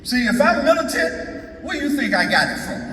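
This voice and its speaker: A man's voice: extremely high pitch, big pitch swings, moderate pace. A man giving an emphatic, folksy storytelling speech to an audience. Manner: folksy, emphatic, asks "Okay?". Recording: echoey hall, speaker far from mic, faint noise.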